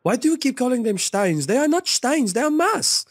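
A man's voice: very high voice, sing-song, normal speed, breathy edge, pitched above the performer's own voice, heavily acted. A man putting on a German accent to play an insistent young German man correcting his friends.

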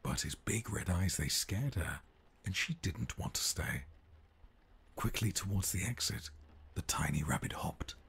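Eerie game storybook narrator, played by a man, deep rasping whisper, slow sing-song rhyme, whispered role-play. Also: animated, a bit bright, full character voice. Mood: ominous.

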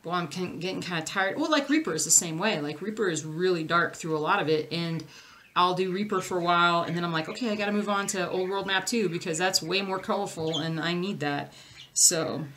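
Young woman chatting away on a stitching vlog, fairly low voice, rambly, lots of ums. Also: brisk, fairly bright tone, a little hiss or hum. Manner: chatty, rambling, answers viewer comments with fillers. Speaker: cross stitch vlogger. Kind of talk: casual livestream chat reading comments.

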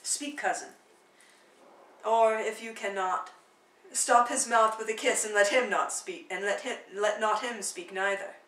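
A woman voicing a witty, sharp-tongued noblewoman in a play reading, with quick teasing banter, recorded on a phone livestream. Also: mid-range voice, echoey room, far from the mic, close to an everyday voice, rough recording.

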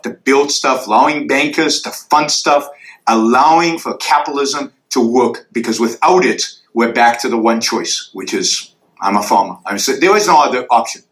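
A man's voice: mid-range voice, fairly bright tone, echoey room, low-quality recording. A man answering audience questions after a university lecture, arguing emphatically and sketching graphs in the air.

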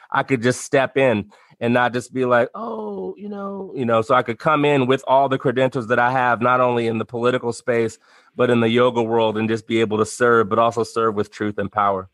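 A man's voice: mid-range voice, fairly bright tone, dry recording. A man speaking as an interview guest in a casual, conversational way, often checking in with "right?". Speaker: guest, activist and yoga teacher.

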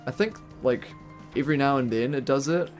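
Young New Zealand man, rambling gamer-streamer energy, mid-pitched voice, faint game music underneath. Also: a little fast. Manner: rambling, laughing, swearing casually. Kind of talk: casual live-stream gaming chat.

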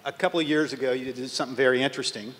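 Male panel moderator, relaxed and halting, mid pitch, long hall echo, faint hiss. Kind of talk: interview questions.

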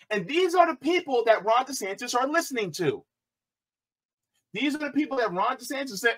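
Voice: mid-range voice, sing-song, normal speed, a bit bright, breathy edge, rough recording. A commentary vlogger reacting to a clip in a sarcastic, exclamatory way.

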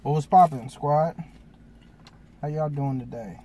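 A man's voice: a little high, unhurried, mellow, a little hiss or hum. A man hosting a casual food review mukbang, talking in slangy, hyped greetings to his viewers.

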